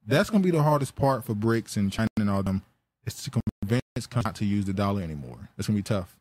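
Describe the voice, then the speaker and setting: A man's voice: lowish voice, animated, fast talker, darkish tone, no echo. A man hosting a podcast in casual chat, rambling through news stories, joking and laughing often. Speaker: podcast host.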